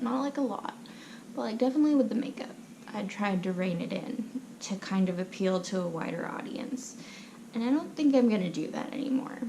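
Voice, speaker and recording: A woman's voice: a little high, dark tone, a little hiss or hum, poor audio. A young woman hosting her own channel, chatting casually and often half-whispering at home, rambling with lots of fillers and restarts. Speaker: channel host. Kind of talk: casual personal chat to camera. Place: at home, someone asleep next door.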